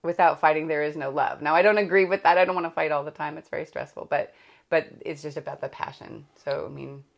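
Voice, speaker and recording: A woman's voice: sits low, fairly even intonation, quick pace, vocal fry. A woman hosting a podcast, chatting casually in a rambling, candid way that often corrects itself mid-sentence. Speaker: podcast host. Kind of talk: casual chat.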